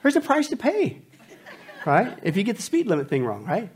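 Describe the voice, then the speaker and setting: A man preaching a sermon, animated and joking, dropping from loud bursts to hushed lines. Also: high voice, moderate pace. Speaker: pastor.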